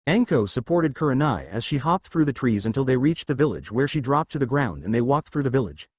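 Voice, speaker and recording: A man's voice: medium pitch, sing-song, fairly quick, slightly rough, dry recording. A man narrating fan fiction as a storyteller.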